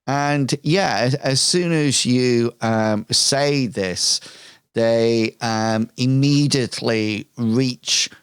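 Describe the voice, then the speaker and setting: A man narrating as game master of a tabletop role-playing game, describing scenes hesitantly with many pauses and ums. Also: mid-range voice, clean tone, no room sound, clean studio sound.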